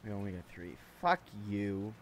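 Low-voiced guy doing let's play commentary, swearing a lot and grumbling at the game. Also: very animated, moderate pace, a little hiss or hum. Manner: frustrated, heavy swearing, talking to himself. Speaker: gaming channel host.

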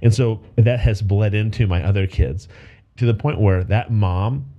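A man's voice: lowish voice, normal speed, dull audio. A man co-hosting a podcast in casual chat, openly emotional and swearing freely. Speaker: podcast co-host.

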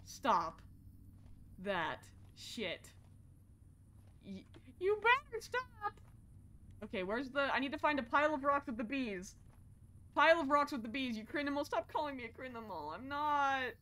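A young woman with a high, bright voice narrates her horror game play on a live stream. She is jumpy and profane, drops to a mutter, then bursts into shouts. Her talk is slow and drawn out. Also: very animated. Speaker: streamer playing horror games. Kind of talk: live-stream gameplay commentary.

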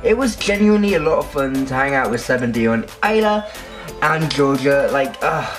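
A man's voice: mid-range voice, animated, normal speed, faint music behind. A man hosting his own vlog, chatting upbeat and directly to his viewers. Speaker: vlogger host. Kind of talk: casual vlog chat to camera.

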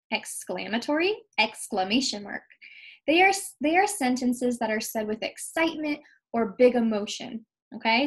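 A woman teacher giving a recorded lesson to young children, patient and clear, slowing down to stress key words. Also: on the high side, low-quality recording. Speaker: second grade teacher.

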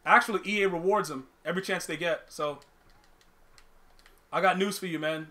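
A young man doing live gameplay commentary as a streamer, ranting in an animated, slangy way and often restarting his words. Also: high-pitched, moderate pace. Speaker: gaming streamer.

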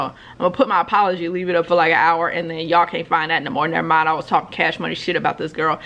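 A woman's voice: fairly low pitch, fairly bright tone. A woman vlogging about books, ranting bluntly and profanely to her camera at home. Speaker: book vlogger. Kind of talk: ranting commentary vlog. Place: home recording.

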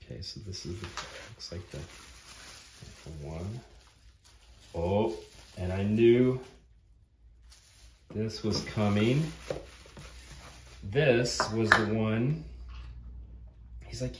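A man's voice: fairly low pitch, extremely slow, pauses often, reverberant, noisy background. A man chatting through an unboxing, often dropping into awed whispers. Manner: slips into hushed whispers of awe. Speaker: vlogger unboxing a gift. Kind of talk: excited unboxing chat.

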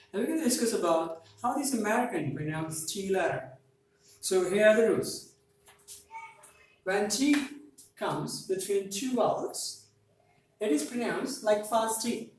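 A woman's voice: medium pitch, darkish tone. Female English trainer, patient repeat-after-me drills, heavy room echo, distant mic. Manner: repetitive, has learners repeat after her. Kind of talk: teaching pronunciation drills. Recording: very echoey room, mic at a distance, faint noise.

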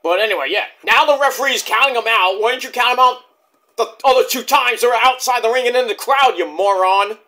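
A man rambling excitably through a casual wrestling review, swearing often. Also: very high-pitched, brisk.

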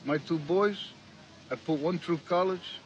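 An actor playing a gruff, deadpan, menacing male bodyguard in a film comedy. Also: fairly high pitch, unhurried, lo-fi sound, slight background noise, lightly acted.

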